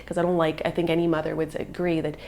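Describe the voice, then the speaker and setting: A woman's voice: deep voice, little pitch movement, quick pace, a little mellow, a little hiss or hum. A mother vlogging live, telling an upsetting story in an agitated, emotional way and filling it with "like.". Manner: agitated, upset retelling with many "like" fillers.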